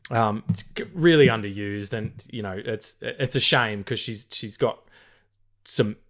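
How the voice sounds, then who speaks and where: A man's voice: on the low side, a little slow, fairly bright tone. Man, podcast co-host, casual film talk, rambling, frequent swearing, fillers. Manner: rambling, swears freely, many fillers and restarts.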